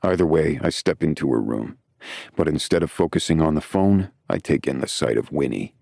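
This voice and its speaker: A man narrates a first-person romance audiobook in a low-key, wry way. His voice is very deep with a gravelly rasp. It sounds close to the mic in a dry, dead studio. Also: lively intonation, normal speed, darkish tone, no echo.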